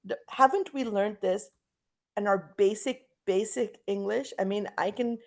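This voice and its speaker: A middle-aged woman from Canada leads an online English lesson over a video call. She talks emphatically, working through example sentences and restarting her phrases as she thinks. Her pitch sits in the middle range for a woman. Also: a little slow. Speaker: English teacher.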